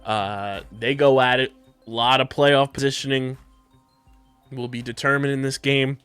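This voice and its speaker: A man's voice: mid-range voice, steady tone, unhurried, a bit bright, clean tone, dry recording, faint music behind. Joking man co-hosting a sports podcast. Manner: upbeat, jokey, reads sponsor spots in a hype voice. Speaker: podcast co-host. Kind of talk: casual sports podcast chat.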